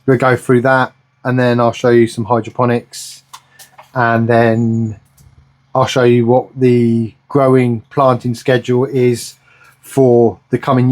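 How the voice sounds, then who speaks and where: A man talks in an easy, rambling way for his vlog, his pitch sitting in a middling range. He keeps tripping over tricky words and going back to fix them, chatting indoors at home. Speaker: vlogger. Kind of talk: casual vlog chat.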